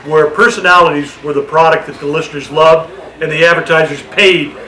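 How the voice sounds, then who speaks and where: A hoarse older man, a former radio announcer turned salesman, giving a jokey, rambling speech at a reunion table, caught on a handheld camera. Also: on the high side, steady tone, fairly quick, sharp tone, slight background noise. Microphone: handheld camera across the room. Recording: echoey room with crowd chatter.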